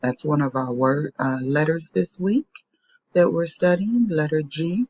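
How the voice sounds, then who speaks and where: A woman teaches young children their letter sounds, saying each word twice in a slow, patient way. Her voice is a little husky. The recording is dry, close and lo-fi, with a dull tone. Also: low voice, a little mellow. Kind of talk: phonics lesson for young children.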